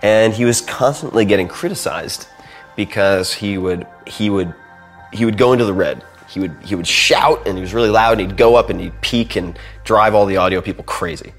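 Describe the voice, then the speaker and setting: A man hosting a podcast, chatting casually and animatedly, swinging between loud and soft and acting out quotes. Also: fairly low pitch, moderate pace, faint music behind. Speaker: podcast host. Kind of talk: casual chat.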